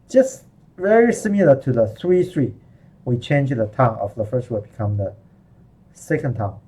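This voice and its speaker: A man's voice: medium pitch, dark tone, poor audio. A man, a Mandarin speaker, teaching a live online grammar lesson, patiently explaining with frequent repeats and restarts. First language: Mandarin Chinese. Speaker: language teacher.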